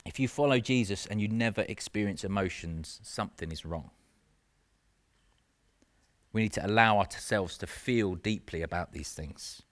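A man's voice: fairly low pitch, moderate pace. A man preaching a sermon in an earnest, conversational way, with self-mocking asides.

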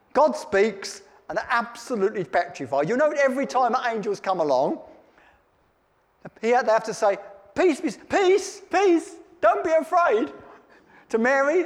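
A man preaching a sermon, reading Bible verses aloud and then explaining them in plain, chatty words. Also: sits high. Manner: reads scripture aloud then comments in plain chat. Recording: long hall reverb.

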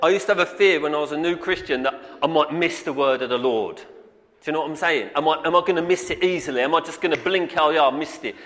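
Earnest preacher in a reverberant hall. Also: male voice, fairly high pitch, quick pace, fairly bright tone. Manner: earnest, repetitive, calls out "amen". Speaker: pastor. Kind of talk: sermon.

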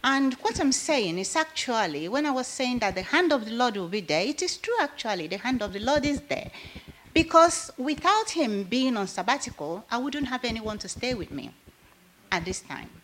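Older woman with a lively, rising voice. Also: a little high, moderate pace, low-quality recording. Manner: heartfelt, grateful speech. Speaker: church member giving thanks. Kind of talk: testimony in a prayer meeting.

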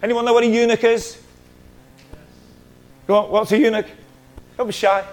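A man's voice: very high voice, flat delivery, moderate pace, low-quality recording. A middle-aged man preaching a sermon as a pastor, telling a story in a chatty way and joking with the congregation. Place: church hall.

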